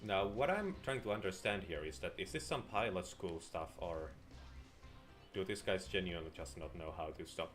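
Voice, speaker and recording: A man's voice: sits low, expressive, moderate pace, a bit bright, faint music behind. A man streaming a video game live, chatting with dry, sarcastic, rambling asides. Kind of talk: live gameplay commentary.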